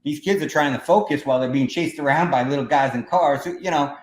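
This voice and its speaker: A man with a fairly high, fast voice casually tells a story on a livestream, rambling with plenty of fillers as he clicks through slides. The room is echoey with faint noise.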